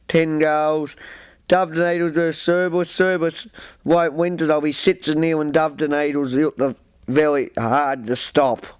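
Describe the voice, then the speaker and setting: A man's voice: on the high side, clear, resonant tone. An Australian man hosting a homemade football show, rambling through his tips and rants with frequent restarts. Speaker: host of a local football show. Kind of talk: casual football tips segment.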